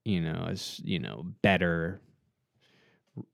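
A man's voice: sits low, expressive, takes it slowly, gravelly, no echo, clean studio sound. A man giving casual, joking reaction commentary on a track, laughing often and mocking lines in a raised voice. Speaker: host reacting to a music track.

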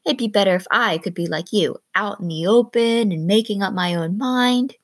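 A woman's voice: medium pitch, normal speed, no room sound, lightly acted. A woman voicing a restless, stubborn young girl who speaks earnestly and wistfully.

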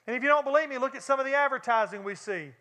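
A man with a Southern US accent delivering a sermon, talking straight to the congregation in an easy, conversational way. His voice sits high and sounds bright and forward. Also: lively intonation, very fast. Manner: conversational preaching, addresses congregation directly. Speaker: pastor.

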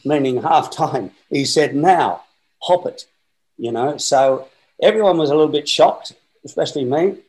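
An Australian man in his sixties, a guest telling a lively, rambling story with many fillers. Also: a little high, normal speed, rough recording. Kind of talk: storytelling anecdote.

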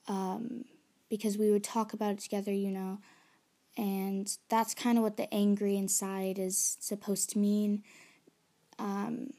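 A young woman chatting casually in a vlog about her songs, rambling with lots of fillers, nervous and excited. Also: medium pitch. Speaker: aspiring singer-songwriter.

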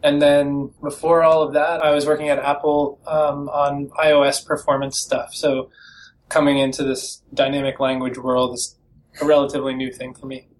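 Male engineer guest, flat and matter-of-fact, distant mic, faint noise. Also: medium pitch, normal speed. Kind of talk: casual interview self-introduction.

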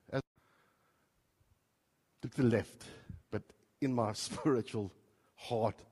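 A man from South Africa preaching a sermon as a pastor, telling a personal story and swinging from soft, quiet passages to loud, emotional outbursts. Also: medium pitch, fairly even intonation, takes it slowly, long pauses, slightly rough, long reverb tail. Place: church.

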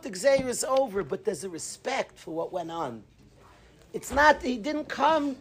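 A man giving a lively Torah talk, telling a story and mixing in Yiddish and Hebrew words. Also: very high voice, moderate pace, breathy edge.

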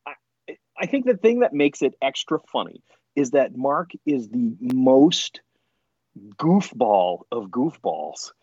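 A man's voice: mid-range voice, slow pace, husky, no room sound, dull audio. A man telling funny stories in a casual podcast chat, laughing often. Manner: animated, laughing storyteller. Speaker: podcast guest.

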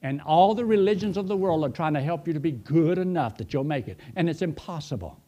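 A pastor delivers a sermon in a high, tenor-ranged voice. His pitch leaps and falls constantly. He swings from hushed asides to loud, emphatic declarations. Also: animated, a little fast, highs cut off. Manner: preaching with dramatic swings in loudness and emphasis.

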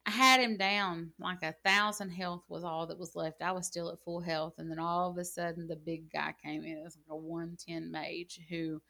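Woman co-host chatting about games, kinda low voice, rambles on with lots of likes. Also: little pitch movement, normal speed, gravelly, hardly any pauses, pushed and bright. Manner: rambling storyteller, lots of "like" and "you know". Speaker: gaming channel co-host. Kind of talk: casual gaming chat.

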